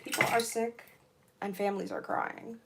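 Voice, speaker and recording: Bubbly young woman streamer, slightly hoarse. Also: mid-range voice, steady tone, normal speed, very noisy. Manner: bubbly, playful, rambling. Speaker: livestreamer. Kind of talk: casual livestream chat.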